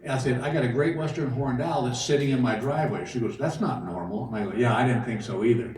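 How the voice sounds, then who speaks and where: Fast-talking and a little mellow, this middle-aged comedian spins folksy stand-up tales, playing both sides of each conversation with a mid-range voice. He's on a large casino theater stage, recorded from a distance in a roomy live hall, with laughter from the audience.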